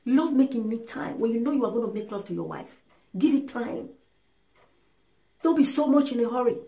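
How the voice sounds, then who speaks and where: A woman with a slightly high voice gives frank relationship advice in a casual, animated monologue. She talks emphatically, acting out little scenes to make her points. The room has a noticeable echo. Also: moderate pace, creaky. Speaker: relationship and sex advice speaker. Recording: roomy echo.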